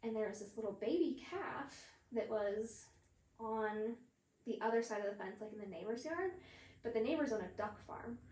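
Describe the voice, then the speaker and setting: A woman's voice: a little high, animated, normal speed, warm tone. Chatty, laughing young woman in a roomy space. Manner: chatty, laughs often, many "like" fillers. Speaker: podcast guest. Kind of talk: casual storytelling chat. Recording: roomy echo.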